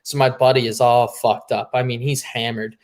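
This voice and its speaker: A man's voice: medium pitch, level tone, normal speed. A man co-hosting a casual podcast, telling a long anecdote in a loose, laughing way and swearing freely. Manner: laid-back, swears freely, laughs mid-story. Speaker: podcast co-host. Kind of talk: casual storytelling chat.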